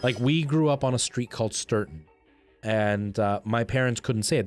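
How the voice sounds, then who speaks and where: A rambling, chatty man talks his way through a game livestream at an everyday middle pitch. He restarts his sentences often and bursts out when the game surprises him. Faint music plays underneath. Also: moderate pace. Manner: rambling, chatty, with frequent restarts and excited outbursts. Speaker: game streamer. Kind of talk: casual livestream chat while playing.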